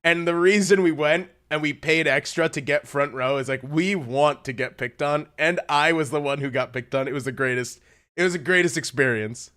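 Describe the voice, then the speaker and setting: A man's voice: fairly high pitch, normal speed, fairly bright tone. Laughing, swearing male streamer telling a story. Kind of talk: casual livestream chat.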